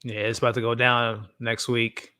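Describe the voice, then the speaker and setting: A man's voice: mid-range voice, little pitch movement, moderate pace, sharp tone, clear, resonant tone, dry recording. A man hosting a live reaction stream, talking candidly and chatting directly with his viewers. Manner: candid, chatty, talks straight to the live chat. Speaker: host.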